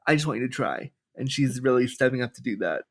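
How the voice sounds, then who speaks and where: A man in his thirties, a podcast guest telling personal stories in a candid, animated way with lots of quoted dialogue. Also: mid-range voice, fast, gravelly. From Canada. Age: 30s. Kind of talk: storytelling in a podcast interview.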